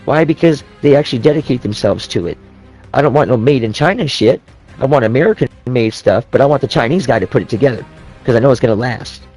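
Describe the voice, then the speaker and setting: A man's voice: mid-range voice, fast, a little mellow, breathy edge, faint music behind, low-quality recording. Profane rambling man ranting. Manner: profane, rambling, with frequent restarts. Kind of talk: casual rant.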